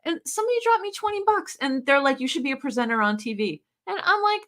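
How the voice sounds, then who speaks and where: A woman from the United States hosting a casual livestream, chatting and reading viewer comments aloud in an animated way. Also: a little fast, few pauses. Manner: chatty and animated, pitch leaping up and down. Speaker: livestream host.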